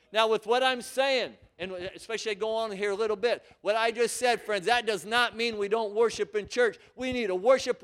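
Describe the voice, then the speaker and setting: A man's voice: high voice, fairly bright tone. A male preacher delivering a sermon, emphatic and repetitive, often calling his listeners friends.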